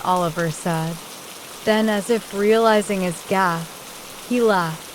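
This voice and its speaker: A woman reading a horror story aloud as an audiobook narrator, in a measured, deliberate way. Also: medium pitch, a little hiss or hum, poor audio. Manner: slow, measured reading with voiced quotes. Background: rain sound.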